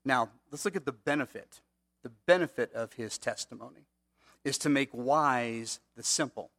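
A man's voice: mid-range voice, normal speed, a bit bright. A man preaching a conversational sermon, asking the congregation rhetorical questions. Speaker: pastor.

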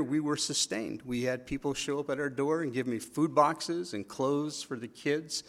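A man pastor preaching a sermon, acting out quotes with lively asides. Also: medium pitch, gravelly.

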